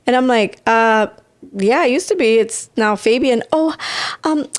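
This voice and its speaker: A woman's voice: a little high, measured pace. A woman co-hosting a podcast, animatedly telling a personal story and acting out the voices of the people in it. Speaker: podcast co-host. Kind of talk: storytelling in casual chat.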